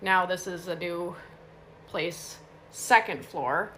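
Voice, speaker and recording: A woman's voice: lowish voice, slow pace, a bit bright, a little hiss or hum. A young woman casually telling a true ghost story to her phone, chatty and full of fillers and asides.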